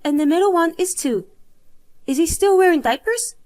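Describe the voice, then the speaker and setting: A woman's voice: extremely high pitch, lively intonation, moderate pace, a little mellow, voice pushed up. A woman's voice, probably synthetic, reading the lines of a pushy, self-centered young woman in a drama story. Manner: demanding, huffy.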